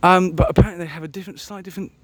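A man's voice: high voice, fairly even intonation, rapid-fire, no echo. A man musing aloud on a solo podcast, meandering and self-mocking, with many ums and restarts. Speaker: podcast host. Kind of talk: rambling solo podcast chat.

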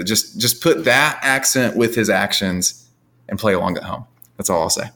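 A man's voice: on the low side, moderate pace, sharp tone. A man co-hosting a sports podcast in casual chat, wry and joking. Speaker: podcast co-host.

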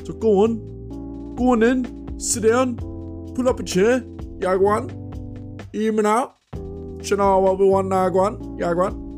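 A man's voice: sits high, fairly even intonation, takes it slowly, long pauses, a little mellow. A man putting on a Cockney accent, playing a slangy, jokey geezer who beckons listeners in. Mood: cheeky. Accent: put-on Cockney. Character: cheeky male Cockney geezer welcoming listeners. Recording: music playing under the voice.

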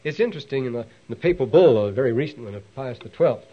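A man delivers a classroom lecture quickly in a mid-range voice, and the recording sounds muffled. He wanders with many asides and restarts, reading quoted passages aloud with lively emphasis.

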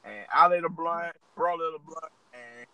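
Young male co-host, higher voice, lively casual chat. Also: moderate pace. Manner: chimes in with jokes, echoes punchlines, rambling storyteller. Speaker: podcast co-host.

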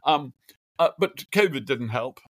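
A man's voice: medium pitch, a little slow, no room sound. Man telling anecdotes, dry close sound. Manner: animated anecdotes with acted quotes, many fillers. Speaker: guest biographer. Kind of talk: conversational interview storytelling. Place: home office desk.

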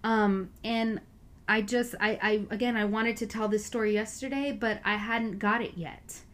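A woman's voice: medium pitch, fairly even intonation, normal speed, a bit bright. A woman giving a casual, earnest Bible reflection, chatty and full of filler words. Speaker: Bible study speaker.

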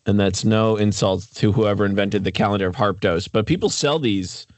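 A man hosting a casual interview, asking questions in a relaxed way with joking asides. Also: fairly low pitch, moderate pace, no echo. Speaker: host.

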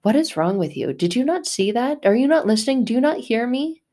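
A woman's voice: a little high, big pitch swings, a little fast, mellow, pitched above the performer's own voice. A woman voicing an angry, exasperated disciple who has caught nothing all night, ranting and indignant. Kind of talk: acted quote in a faith talk.

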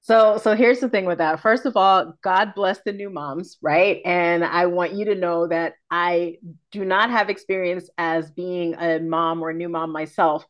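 A woman's voice: lowish voice, highs cut off. A woman in her forties, a confidence coach and podcast guest, talking frankly and expressively in casual conversation, swearing freely.

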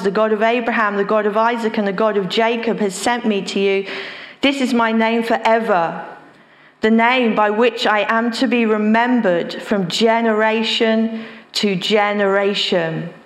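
A woman's voice: fairly high pitch, steady tone, moderate pace, echoey room. A woman pastor preaching a sermon, speaking emphatically and repeating phrases for stress.

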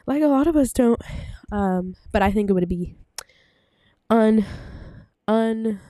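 A woman's voice: fairly high pitch, animated, takes it slowly, warm tone, no echo. A woman giving a casual Bible talk, rambling with many fillers and self-corrections, a little out of breath. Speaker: bible teacher. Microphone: desk microphone.

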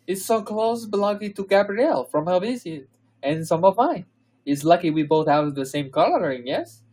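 A man voicing an elegant young French woman with a high falsetto and a put-on French lilt, as part of a comedic podcast reading. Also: sing-song, normal speed, darkish tone. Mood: gushing.

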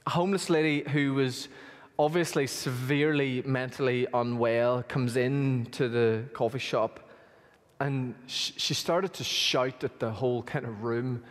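A male pastor preaching a sermon, telling stories with lively emphasis, in a church hall. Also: medium pitch, a little slow. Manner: storytelling, rising to animated emphasis. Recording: long reverb of a large hall.

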